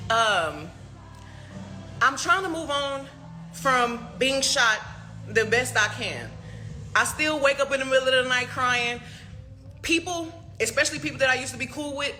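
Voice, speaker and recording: Woman, high and sharp, venting in a profane rant with rapid rhetorical questions and laughing asides. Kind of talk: heated social media rant.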